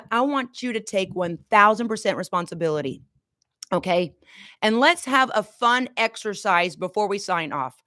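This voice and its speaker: Energetic woman giving a motivational pep talk. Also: medium pitch, moderate pace, dry recording, studio quality. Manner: energetic, coaxing, has viewers repeat affirmations. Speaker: motivational host.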